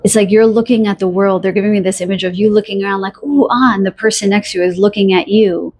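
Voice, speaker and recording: A woman giving a pick-a-card tarot reading, talking softly and dreamily to the listener, with many fillers, pauses and restarts. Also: mid-range voice, level tone. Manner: addresses the listener directly. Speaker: tarot reader.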